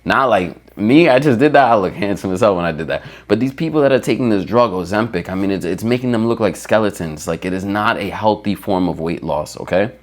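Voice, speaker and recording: A man's voice: lowish voice, expressive, a little fast, hardly any pauses. A man giving a motivational fitness vlog, emphatic and stretching out key words, often checking in with "right?". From United States. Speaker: fitness vlogger. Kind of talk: motivational talking-head vlog.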